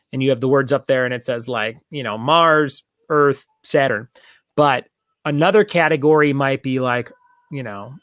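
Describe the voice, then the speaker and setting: A man's voice: mid-range voice, fairly bright tone, no room sound, studio quality. A man hosting a casual online trivia night, chatting in long rambling asides and repeating each question. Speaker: trivia host.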